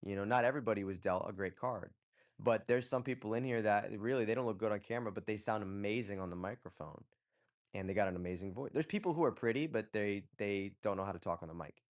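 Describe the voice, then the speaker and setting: A man's voice: fairly low pitch, quick pace. A man hosting a casual live audio chat, giving blunt, profane advice and often checking in with "okay?". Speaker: host.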